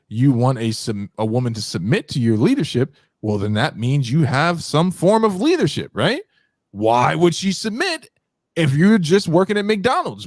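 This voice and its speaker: A man hosting a casual debate talk show, animated, repeating himself and rising in pitch as he makes his points. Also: no room sound, clean studio sound. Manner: repeats words often, lots of filler. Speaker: show host.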